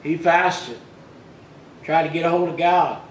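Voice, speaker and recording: A man preaching a sermon as pastor, retelling scripture in plain everyday speech and rising loud for the quoted rebukes. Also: on the high side, measured pace, roomy sound, a little hiss or hum, rough recording.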